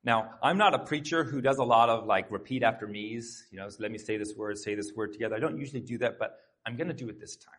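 A man's voice: medium pitch, quick pace, hardly any pauses, fairly bright tone, husky. A pastor preaching a sermon to his congregation in a church, talking in an earnest, conversational way with asides to the crowd. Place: church sanctuary.

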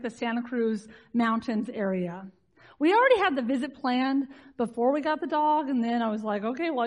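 A woman telling a personal story to a live audience in an animated, chatty way, with frequent "like" fillers, often laughing at herself. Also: sits high. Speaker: speaker addressing a live audience.

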